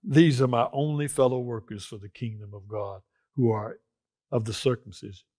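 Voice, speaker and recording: A male pastor preaching a sermon with earnest emotion, dropping to near-whispers and rising to loud exclamations as he reads and explains scripture. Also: medium pitch, steady tone, moderate pace.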